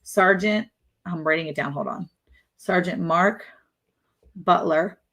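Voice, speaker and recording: A woman's voice: lowish voice, slow, fairly bright tone. A woman hosting a casual live chat, telling stories and laughing often. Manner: chatty, laughing, storytelling. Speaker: live stream host.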